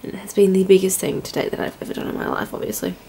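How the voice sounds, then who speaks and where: A young woman talks straight to camera in a casual home vlog, rambling and chatty. Her voice sits at an everyday middle pitch. She speaks in an open, heartfelt way. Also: expressive, rapid-fire, creaky, dark tone, a little hiss or hum. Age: young adult. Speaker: au pair vlogger. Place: indoors at home.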